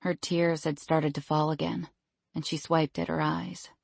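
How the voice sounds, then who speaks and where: Audiobook narrator, measured scripted reading, gravelly, dry close sound, mid pitch. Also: flat delivery, no room sound.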